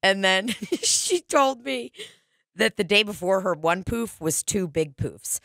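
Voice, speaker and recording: A woman's voice: medium pitch, animated, takes it slowly, vocal fry, fairly bright tone, no echo, clean studio sound. A woman casually telling a comic story, chatty and profane, full of fillers like "like".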